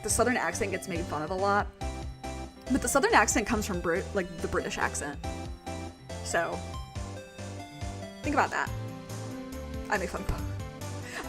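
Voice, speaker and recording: A woman's voice: medium pitch, animated, normal speed, long pauses. A woman streamer giving casual let's-play commentary, rambling with laughing asides. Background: game music.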